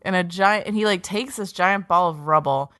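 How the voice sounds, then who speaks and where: Recorded clean in a studio with no echo, a woman with a lowish, slightly bright voice talks at normal speed. As co-host of an anime podcast, she gives sarcastic, profane, casual episode recaps and acts out characters' lines.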